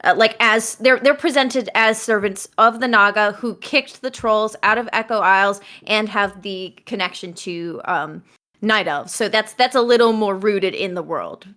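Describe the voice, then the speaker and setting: Bright-voiced, blunt podcast co-host woman. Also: mid-range voice, moderate pace. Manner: blunt, wry interjections. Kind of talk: casual gaming podcast chat.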